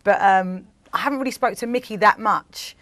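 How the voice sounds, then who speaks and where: A woman's voice: mid-range voice, normal speed, a bit bright, no room sound. A woman chatting casually on a studio show as an event promoter. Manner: chatty, laughs easily.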